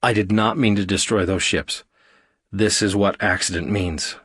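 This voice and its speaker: A man's voice: lowish voice, steady tone, moderate pace, fairly bright tone, breathy edge, no room sound, studio quality. A man voicing a frightened young astronaut who talks nervously and stammers in an audiobook. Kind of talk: audiobook character voice.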